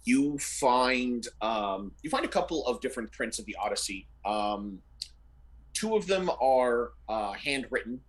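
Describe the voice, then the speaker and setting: A man narrating as game master of a tabletop role-playing game, relaxed and descriptive. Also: mid-range voice, measured pace. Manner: descriptive, relaxed, uses fillers.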